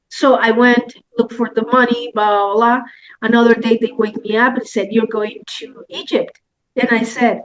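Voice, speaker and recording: An older woman telling a personal story on a video call, lively and candid, acting out the dialogue and swearing freely. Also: a little high, normal speed, muffled recording, a crowd in the background. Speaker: guest speaker sharing a personal story.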